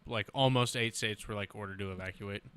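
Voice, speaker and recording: A man's voice: fairly low pitch, fairly quick, sharp tone, smooth. A man co-hosting a casual podcast, patiently explaining his points step by step. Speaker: podcast co-host. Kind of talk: casual chat.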